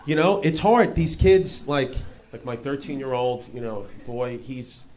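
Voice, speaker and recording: A man's voice: medium pitch, lively intonation, unhurried, darkish tone. A man doing a stand-up set on a club stage, rambling through stories and bantering with the audience in a self-mocking way. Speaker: stand-up comedian. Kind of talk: stand-up set with crowd work. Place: comedy club stage before a laughing crowd. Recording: live club audio with crowd laughter and noise.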